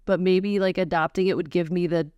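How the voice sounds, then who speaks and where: Easygoing, lower-voiced woman co-host. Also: steady tone, fairly quick, clear, resonant tone, dry recording, muffled recording. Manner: easygoing, jokey. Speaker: podcast co-host. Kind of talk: casual chat.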